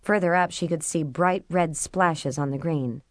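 Low-voiced woman reading an audiobook. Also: measured pace, no room sound. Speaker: audiobook narrator. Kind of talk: scripted narration.

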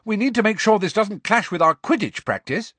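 A man's voice: high-pitched, lively intonation, fairly quick, fairly bright tone, husky, dry recording, voice pushed up, heavily acted. A man voicing an insistent, sporty teenage schoolgirl.

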